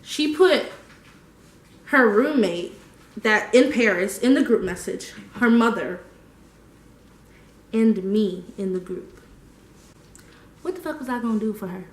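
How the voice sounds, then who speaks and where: A young woman telling a story casually, animated and slangy, laughing often. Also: fairly high pitch, slow, long pauses, reverberant. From United States. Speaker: vlogger.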